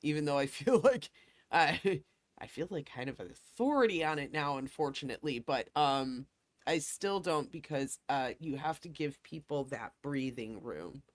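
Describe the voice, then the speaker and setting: A host of a casual stream talks thoughtfully at a middle pitch. The sound is dry and close, and the phrasing stops and restarts as the ideas take shape. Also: animated, dry recording. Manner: thoughtful, halting, with many restarts. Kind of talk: casual chat.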